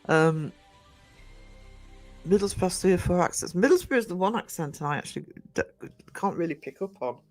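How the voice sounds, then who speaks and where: A middle-aged man with a soft Northumbrian accent, chatting casually with live viewers, greeting them by name and rambling with many fillers and restarts. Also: high-pitched, lively intonation, unhurried, pauses often, no room sound, faint music behind. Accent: Northumbrian English. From North East England. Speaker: livestream host.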